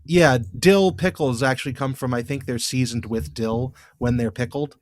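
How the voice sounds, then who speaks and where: A man's voice: medium pitch, moderate pace, dry recording, studio quality. A man co-hosting a podcast, recapping in a rambling, exasperated way with many fillers. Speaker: podcast co-host. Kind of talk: casual recap chat.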